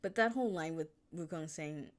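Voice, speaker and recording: A woman's voice: deep voice, fairly quick. A woman author casually talking through a chapter she wrote, rambling, laughing often and swearing now and then. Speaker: fan fiction author.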